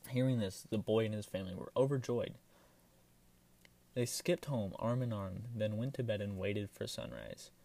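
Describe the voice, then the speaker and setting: A man reading a fairy tale aloud in a calm, measured storytelling manner. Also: fairly low pitch, creaky. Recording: voice from a distance.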